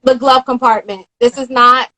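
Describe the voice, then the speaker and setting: High, bright-voiced young woman telling a story. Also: moderate pace, rough recording. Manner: animated, acts out the voices of people in her story. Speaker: interview guest. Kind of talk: emotional storytelling in a casual live-stream interview. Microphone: phone or video call.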